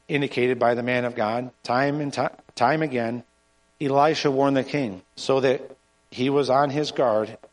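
Male preacher in a reverberant hall. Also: medium pitch. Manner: earnest, halting preaching with restarts. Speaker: pastor. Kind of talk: sermon with scripture reading.

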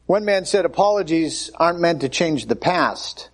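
A man's voice: fairly high pitch, expressive, moderate pace. Man preaching a chatty sermon. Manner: conversational, acts out voices of Bible figures.

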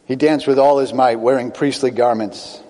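An older man preaching a sermon as pastor, earnest, with quick bursts and slow emphatic phrases. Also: mid-range voice, steady tone, warm tone, long reverb tail.

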